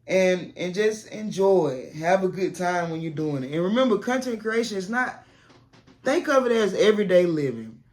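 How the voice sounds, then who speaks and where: A down-home woman talking casually to her camera, a former teacher now making content full-time. She speaks in a plain, encouraging way, and her voice has a low, relaxed tone for a woman. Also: moderate pace. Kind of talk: casual advice vlog to camera. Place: home set made to look like a classroom.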